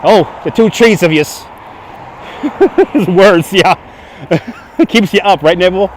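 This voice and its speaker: A man with a Brooklyn accent hosting a walking city livestream, loud and joking, laughing often as he talks to his chat. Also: sits high, lively intonation, slow pace. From Brooklyn, New York. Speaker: livestream host. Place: city streets outdoors. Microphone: handheld phone on gimbal.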